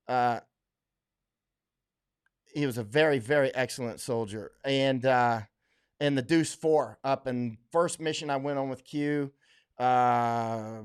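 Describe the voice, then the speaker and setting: A man's voice: medium pitch, clear, resonant tone. A middle-aged man from Florida hosting a casual livestream, rambling with many fillers and restarts, blunt and emphatic as he reads viewer comments. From Florida, USA. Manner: blunt, emphatic, laughs often.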